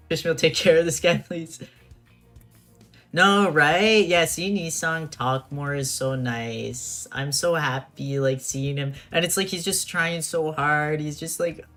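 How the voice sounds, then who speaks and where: A game streamer chatting casually during a play-through, excitable and slangy, laughing often. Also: mid-range voice.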